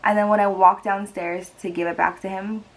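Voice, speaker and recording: A woman's voice: mid-range voice, level tone, fairly quick, poor audio. A woman in her twenties telling a personal story in a casual, chatty way, with a lot of "like" and moments where she gets emotional. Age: 20s. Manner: chatty, heavy use of "like", emotional and teary. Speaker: vlogger.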